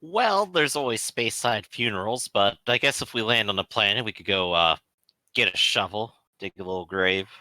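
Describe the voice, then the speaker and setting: A man playing in a tabletop game, talking in a relaxed, practical way. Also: on the low side, moderate pace, no room sound. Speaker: player. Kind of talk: tabletop role-play.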